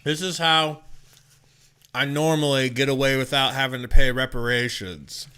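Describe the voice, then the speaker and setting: A man's voice: medium pitch, fairly even intonation, normal speed, pushed and bright, smooth. A young man co-hosting a podcast, laid-back and wry, retelling film scenes in casual chat during a live game. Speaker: podcast co-host.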